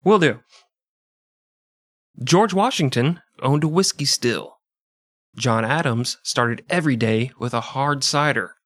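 Podcast co-host, man from the Midwest, deadpan storyteller with crude asides, dry close sound. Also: mid-range voice, slow pace, long pauses, no echo. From American Midwest. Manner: deadpan, crude absurd tangents. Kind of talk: casual comedic history podcast.

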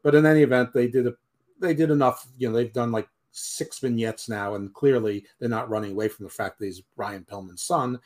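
A man of middle pitch chatting casually as a podcast co-host, opinionated and rambling. He often drops into a low mumble at the ends of his thoughts. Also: steady tone, a little fast, darkish tone. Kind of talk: casual chat.

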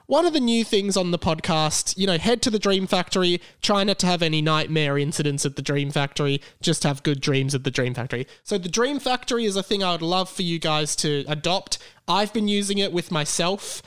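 A man's voice: sits high, fairly bright tone, clear, resonant tone, no room sound, clean studio sound. A young man hosting his podcast, rambling through a story in casual chat and correcting himself as he goes. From Australia. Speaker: podcast host.

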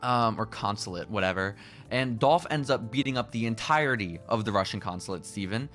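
Low-voiced young man recapping a movie. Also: fairly quick, a bit bright, faint music behind. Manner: loose, profane movie recap. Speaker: podcast co-host. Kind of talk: casual chat.

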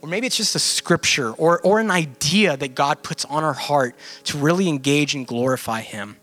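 A man's voice: a little high, normal speed, fairly bright tone, faint music behind. A man teaching a church group in an earnest, conversational sermon style who often says "man".

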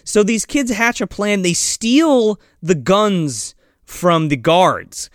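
A man's voice: high voice, lively intonation, takes it slowly, no echo, studio quality. A man chatting casually as he recaps a film, rambling with lots of swearing and fillers.

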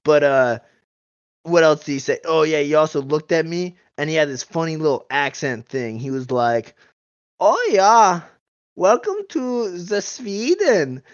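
A boastful, dim-witted young bro skier, played by a man with a slangy surfer drawl and a smooth, fairly high voice. The audio is dry and a little muffled. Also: expressive, measured pace, no echo. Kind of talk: improv comedy character.

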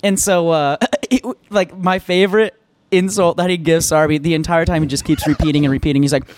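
A young man telling a story in casual chat, animated and laughing, swearing often and leaning on filler words. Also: on the high side, fairly quick, no echo.

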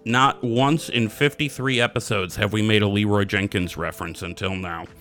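A man hosts a loose gaming podcast in a bright, forward voice. He rambles and swears casually, chasing tangents mid-thought. Faint music plays underneath. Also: on the low side, fairly even intonation, normal speed. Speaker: podcast co-host.

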